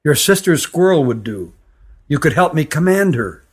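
A man voicing a frightened older boy on the run, speaking with hushed urgency in a storybook reading. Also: fairly high pitch, sing-song, normal speed, slightly rough. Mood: urgent.

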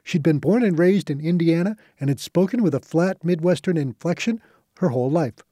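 Mellow, dry-voiced male narrator. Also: on the high side, animated, fairly quick, no echo. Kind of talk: scripted narration.

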